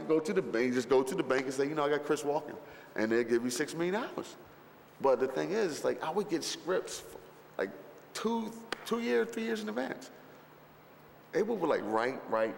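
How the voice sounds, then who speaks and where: A man with a mid-range voice and some vocal fry, a rapper, reminisces in an interview about a film shoot. He tells his stories in a rambling, profane way, stuffing his talk with fillers. The recording sounds like a roomy space with long reverb and faint background noise.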